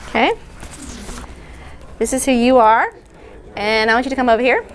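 Woman running a lively workshop indoors, directing volunteers, slightly high voice. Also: a little hiss or hum. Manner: chatty, directs volunteers, quick asides. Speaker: workshop speaker. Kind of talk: interactive workshop session. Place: indoor room.

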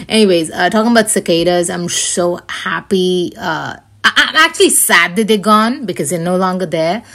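A woman's voice: on the low side, animated, normal speed, hardly any pauses, fairly bright tone. A woman hosting her own podcast, chatting casually on her own and rambling with many fillers and restarts. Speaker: podcast host. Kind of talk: casual solo podcast chat.

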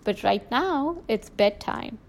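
A woman voicing a gentle, patient mother pig in a storybook reading. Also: a little high, lively intonation, slow pace, exaggerated voice.

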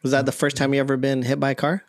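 A man's voice: medium pitch, completely flat delivery, very fast, no echo, clean studio sound. A man co-hosting a podcast, playful and joking, chatting casually. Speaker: podcast co-host. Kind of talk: casual chat.

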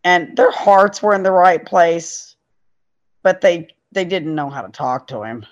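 In a dull, lo-fi recording, a middle-aged woman appears as a podcast guest and tells a story from her life as a parent. Her voice is lowish, with lively intonation and a measured pace. Her casual storytelling comes across as earnest and emphatic.

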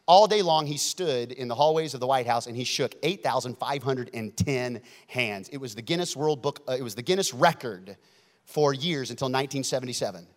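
A man preaching a sermon, swinging from loud emphatic lines to hushed ones. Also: mid-range voice, expressive, brisk. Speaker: pastor. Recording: long hall reverb.

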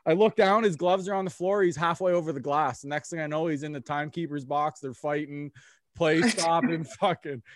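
Profane, animated young man telling stories. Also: on the high side, brisk, no echo, studio quality. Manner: profane, animated storytelling with quoted voices. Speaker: storyteller among friends. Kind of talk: casual chat.

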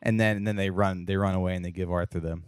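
A man's voice: low-pitched, steady tone, quick pace, clear, resonant tone, no echo, studio quality. A man co-hosting a podcast, telling a story in a rambling way with lots of fillers and restarts. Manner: acts out character lines in raised voices. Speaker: podcast co-host. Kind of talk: casual chat.

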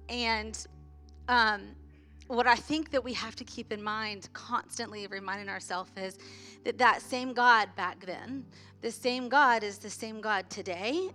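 A woman in her thirties leading a church worship service, talking in a heartfelt, halting way with many restarts. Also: mid-range voice, sharp tone. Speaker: worship leader. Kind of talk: sermon-style worship talk.

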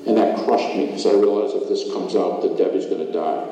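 A man earnestly recounting a personal loss in halting, reflective testimony, with frequent restarts. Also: low-pitched, mellow. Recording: echoey hall picked up from far off.

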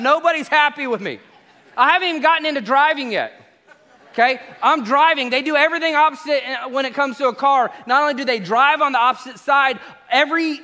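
A man preaching a sermon, an animated storyteller who acts out the exchanges he describes. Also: extremely high pitch. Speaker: pastor. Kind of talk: sermon with humorous travel stories. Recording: echoey hall reverb.

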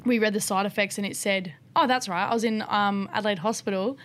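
A woman's voice: medium pitch, fairly even intonation, quick pace, fairly bright tone. A young woman talking frankly as a podcast guest, chatty and loose with fillers and the odd swear word. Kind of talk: casual chat.

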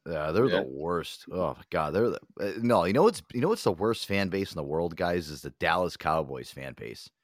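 A young man hosting a casual chat show, animated and swearing freely, often acting out other people's voices. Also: low voice, normal speed, no room sound, studio quality. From Connecticut. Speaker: host.

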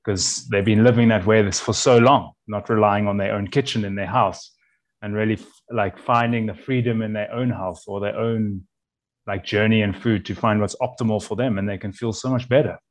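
Earnest low-voiced man, a chef as guest. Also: steady tone, normal speed. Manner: earnest and rambling, with many restarts. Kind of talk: casual conversational interview.

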